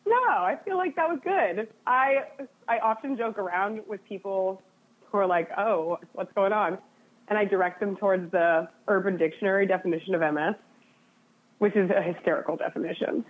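A woman's voice: medium pitch, fairly quick. Chatty woman on a tinny line. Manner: chatty, self-deprecating, many "like" fillers. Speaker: interview guest, illustrator. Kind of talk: casual conversation. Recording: phone-like narrow sound.

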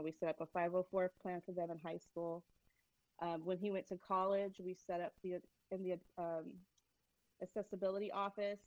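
A middle-aged woman speaks candidly in an interview, her feelings close to the surface and laughter breaking in often. Her voice sits a little low. The recording sounds dull, lo-fi and dry. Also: darkish tone, dry recording. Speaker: guest, migraine advocate. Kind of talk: personal interview answers.

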